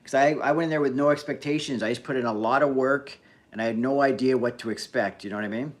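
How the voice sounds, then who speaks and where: A man's voice: medium pitch, fast talker. Guy ranting on his livestream chat, blunt and sweary, pretty fired up. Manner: blunt, animated rant with frequent swearing. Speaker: livestream host. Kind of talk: casual live-stream chat.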